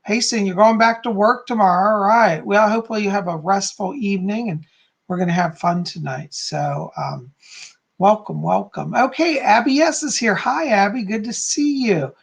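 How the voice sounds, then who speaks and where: A chatty man hosting a live stream, his voice carrying a gravelly edge. He talks casually and upbeat, calling out viewers' names and cheering them in. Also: sits high, moderate pace. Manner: chatty and upbeat, greeting viewers by name with frequent yays.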